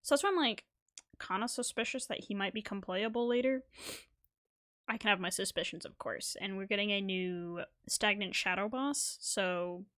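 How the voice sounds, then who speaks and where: A woman's voice: mid-range voice, moderate pace, fairly bright tone. A woman in her twenties, a gaming creator giving casual reaction commentary, giggly and rambling, talking into a desk mic.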